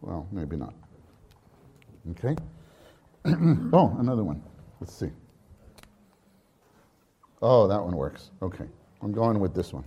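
A man preaching a sermon at a conference, unhurried and halting, with many restarts and sudden fervent rises. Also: deep voice, big pitch swings, warm tone, slightly rough.

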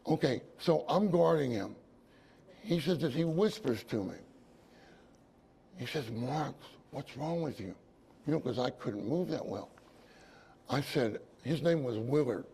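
A man delivers a sermon testimony in a gravelly, husky voice that sits a little high for a man. His tone is dark and mellow, and he tells his story in a loose, repeating way, breaking off now and then to reassure his listeners. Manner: storytelling, repeats phrases, asides to the congregation. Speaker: preacher.

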